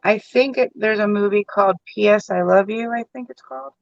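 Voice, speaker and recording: A high-voiced man rambles casually with plenty of fillers as he face paints. The recording is dry and a little dull, as if the highs were shaved off. His talk wanders loosely from one thought to the next. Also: fairly quick, vocal fry, no echo. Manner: chatty, rambling, filler-heavy.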